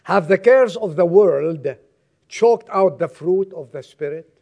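This pastor's gravelly voice moves a little slowly but with lively intonation as he preaches to his congregation. He's emphatic, going from loud exhortation to quiet, low asides.

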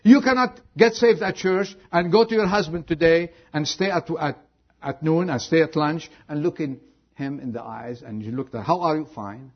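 A man preaching a sermon as pastor, moving from loud exhortation to a hushed prayer. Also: a little high, normal speed, breathy edge, muffled recording.

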